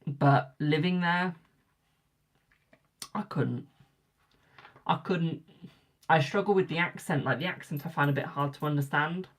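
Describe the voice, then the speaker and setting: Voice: medium pitch, unhurried, long pauses. A young adult tarot reader from Britain chatting casually with live viewers, rambling and repeating phrases for emphasis.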